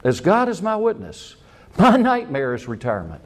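Animated older man preaching a sermon. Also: high voice, moderate pace. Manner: animated, exclaiming, acts out quotes. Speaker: pastor.

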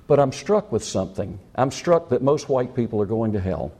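A man's voice: mid-range voice, lively intonation, moderate pace, mellow, husky. An older man preaching a sermon with passion, repeating lines for emphasis and asking rhetorical questions.

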